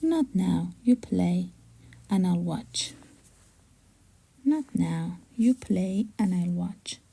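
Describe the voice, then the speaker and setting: A woman voicing a patient young mother, in a soft, half-whispered reading voice. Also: lowish voice, lively intonation, very slow, gravelly, husky, heavily acted. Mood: gentle.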